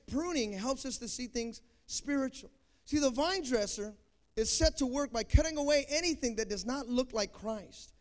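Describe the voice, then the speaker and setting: Man preaching, very high voice, young adult, emphatic loud peaks, quiet asides. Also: normal speed. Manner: preaching, rising to loud emphatic peaks then dropping soft. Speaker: pastor. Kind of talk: sermon.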